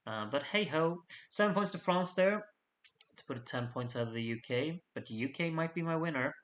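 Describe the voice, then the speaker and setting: A man's voice: a little high, animated, fairly quick, fairly bright tone. A man hosting a live fan vote, reading out points with chatty, jokey asides to his audience. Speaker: host reading out fan contest votes. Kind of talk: casual live voting commentary.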